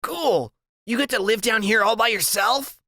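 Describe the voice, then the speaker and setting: A very small, brainy boy who lectures in precise, dictionary-perfect words. The voice sits far above the reader's own and rings bright and a bit strained, with a grand, mock-formal lilt. It is an audiobook character voice in a dry studio sound. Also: sits high, normal speed, dry recording, voice pushed up. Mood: eager, curious.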